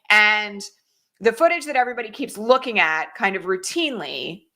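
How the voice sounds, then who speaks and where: Woman, 40s, host, casual political commentary, bright tone, emphatic, conversational. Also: mid-range voice. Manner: conversational, frequent tag questions, emphatic.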